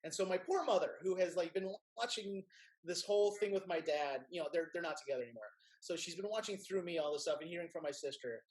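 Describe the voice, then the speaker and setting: A man from Kentucky with a Kentucky accent, a filmmaker guest telling a story in a casual interview, lively and quick to act out what others said. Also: sits high. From Kentucky, USA. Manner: animated storyteller, acts out quotes in raised voices.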